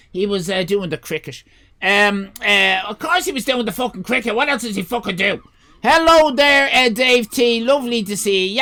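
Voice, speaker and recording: An Irish man hosting a live stream, chatting casually and rambling, swearing and breaking into shouts. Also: high-pitched, a little hiss or hum. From Ireland. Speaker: livestream host.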